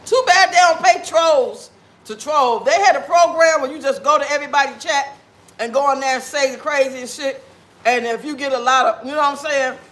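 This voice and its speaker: A man with a very high, bright, sharp voice hosts a casual livestream chat while he eats. He talks with food in his mouth and answers his viewers with blunt, sassy trash talk. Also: moderate pace. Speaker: livestream host.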